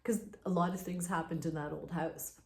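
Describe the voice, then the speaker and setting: A woman's voice: fairly low pitch, steady tone, moderate pace. Chatty woman telling a ghost story. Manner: chatty, conversational, with fillers. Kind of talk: casual spoken ghost story. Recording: roomy echo.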